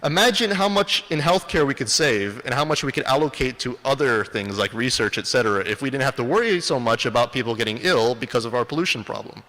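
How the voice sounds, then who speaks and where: A man's voice: mid-range voice, expressive, fast, hardly any pauses, fairly bright tone. Man lecturing in a reverberant hall. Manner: asks the audience questions and answers them himself. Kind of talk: lecture presentation.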